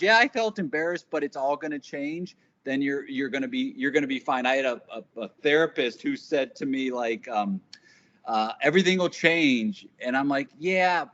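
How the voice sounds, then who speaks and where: A man, an improv teacher and guest, talking in a lively storytelling way and acting out quoted voices. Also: medium pitch, highs cut off. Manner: animated, acts out quoted voices. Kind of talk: casual interview storytelling.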